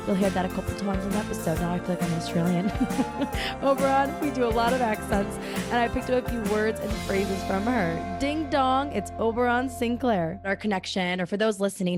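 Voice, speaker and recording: A young woman hosts a podcast with bubbly, eager energy. She is from Chicago and laughs easily, and clear music plays behind her voice. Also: mid-range voice. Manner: bubbly, enthusiastic, laughs often. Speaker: podcast host. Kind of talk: casual interview chat.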